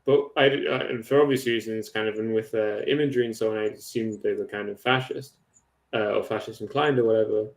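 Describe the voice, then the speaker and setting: A man's voice: fairly low pitch, fairly even intonation, fairly quick. Thoughtful man in an echoey room. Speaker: podcast co-host. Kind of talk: casual conversation.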